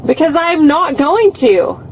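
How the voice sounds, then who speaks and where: A woman's voice: high voice, expressive, slow pace, slight background noise, low-quality recording. A woman in her thirties, an arrested driver arguing inside a police car, belligerent, swearing and repeating herself, caught on a body camera. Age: 30s. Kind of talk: heated argument on bodycam.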